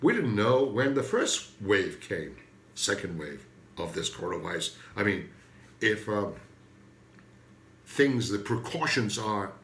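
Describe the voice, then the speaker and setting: A man's voice: lowish voice, sing-song, measured pace, pauses often, a bit bright. A man, hosting a comedy videocast from home with a rambling, self-mocking monologue. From Turkey. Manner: digressive, self-mocking, jokey asides. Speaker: comedy host. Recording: roomy echo.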